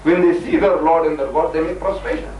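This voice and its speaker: A religious debater argues emphatically in a lively debate, acting out voices when he quotes others. His voice is a little high and brisk, and the audio is dull, recorded far from the mic in an echoey room with faint noise.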